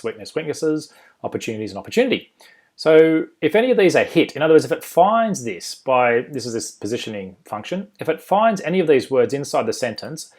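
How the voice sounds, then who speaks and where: A man with an Australian accent giving an informal screen-share tutorial, full of ums and uhs and quick self-corrections. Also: mid-range voice. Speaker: software developer presenting a demo.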